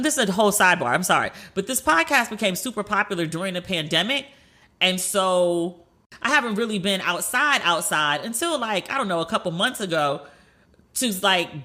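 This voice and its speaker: Brief: woman podcast host, bright and punchy, chatty storyteller who acts out the voices she quotes. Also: mid-range voice. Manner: chatty, animated, swears, acts out quoted dialogue.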